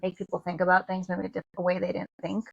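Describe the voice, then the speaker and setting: Gravelly husky woman podcaster. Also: lowish voice, monotone, fast talker, dull audio. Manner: chatty, upbeat, says like and you know often. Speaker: podcast co-host. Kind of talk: casual chat.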